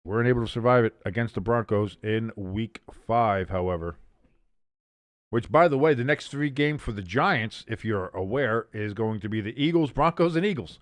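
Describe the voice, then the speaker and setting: A man's voice: lowish voice, animated, moderate pace, dry recording. A man hosting a casual sports watch-along stream, doing joking, profane play-by-play and banter. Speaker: livestream host doing play-by-play.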